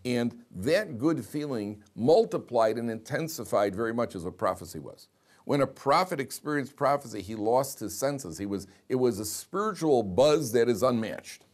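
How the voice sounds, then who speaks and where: Man teaching an animated Torah class. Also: mid-range voice. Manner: animated, asks the class questions and repeats lines; reads Hebrew verses aloud slowly, then explains them.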